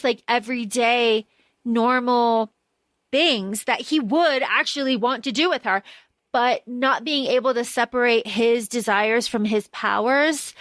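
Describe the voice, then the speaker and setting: Woman, podcast co-host, fairly high voice, dry close mic, chatty, swears a lot. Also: a bit bright, no room sound. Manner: chatty, swears freely, acts out characters' lines. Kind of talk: casual book discussion.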